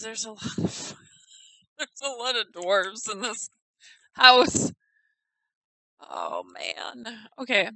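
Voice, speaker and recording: A woman's voice: fairly high pitch, pushed and bright, dry recording, rough recording. A woman giggling and thinking aloud in casual commentary as she tours a house in a game. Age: adult. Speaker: gamer touring a player-built house.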